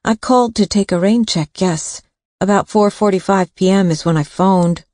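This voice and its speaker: A woman's voice: medium pitch, normal speed, a little mellow, no echo, clean studio sound, lightly acted. A woman voicing an older retired nurse who talks in a hesitant, confiding way, in an audiobook.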